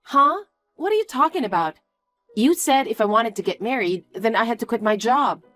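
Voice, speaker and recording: A woman's voice: a little high, a little fast, soft background music, close to an everyday voice. A woman voicing an earnest young fiancée. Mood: upset. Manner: earnest, pleading, questioning. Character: young woman engaged, hurt but firm. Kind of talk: scripted story dialogue.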